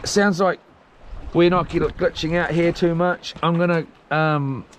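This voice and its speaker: High-voiced New Zealand livestreamer, slow. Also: male voice, steady tone, slight background noise. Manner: laid-back, slangy, rambling with fillers. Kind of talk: casual live-stream chat reading viewer comments. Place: small boat on the sea.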